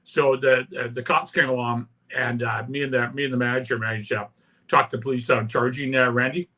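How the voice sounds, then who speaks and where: Older man from Canada, bright and forceful voice, loose anecdotal guest. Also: medium pitch, steady tone, fairly quick. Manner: rambling anecdotes with many "right?" tags and acted-out quotes. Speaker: interview guest, punk musician. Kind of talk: casual storytelling interview.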